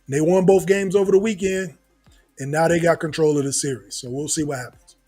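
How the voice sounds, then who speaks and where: A man hosting a sports podcast in a casual, animated, slangy manner, laughing often. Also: a little high, brisk, faint music behind. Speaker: podcast host.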